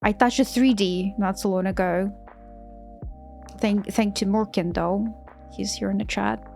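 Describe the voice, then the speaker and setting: A woman's voice: mid-range voice, fairly even intonation, unhurried, vocal fry, darkish tone. Chatty woman artist streaming, restarting often. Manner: chatty, enthusiastic, frequent restarts in non-native English. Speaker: artist streaming while drawing. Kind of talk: casual chat on a live stream. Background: faint background music.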